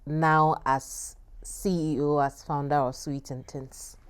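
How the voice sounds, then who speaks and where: A woman's voice: low voice, little pitch movement, slow, soft background music. A woman hosting an interview show, encouraging her guest with short affirmations. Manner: supportive, frequent short affirmations. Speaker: talk show host.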